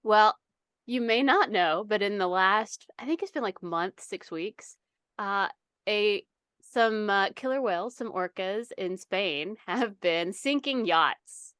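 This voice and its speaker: A woman's voice: mid-range voice, lively intonation, slow pace, a bit bright, clear, resonant tone, no room sound, clean studio sound. A woman co-hosting a podcast in casual chat, telling stories in a teasing way and laughing often. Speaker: podcast co-host.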